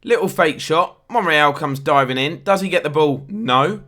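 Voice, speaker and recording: A young man commentating on his football video game match, excitable and bursting into loud outcries at near misses and fouls. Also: a little high, normal speed. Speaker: gaming YouTuber.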